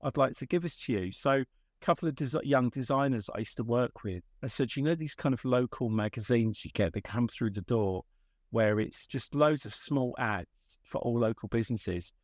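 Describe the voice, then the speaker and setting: A man hosting a casual podcast chat, his voice at a middling pitch. He rambles through stories and acts out what other people said. The sound is dry and close. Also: moderate pace, no echo. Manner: rambling, animated storytelling with acted-out quotes. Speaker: podcast host.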